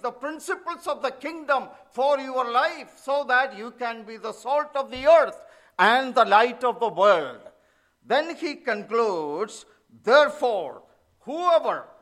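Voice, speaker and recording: A man preaching a sermon, slow and emphatic, rising louder when he quotes scripture. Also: very high-pitched.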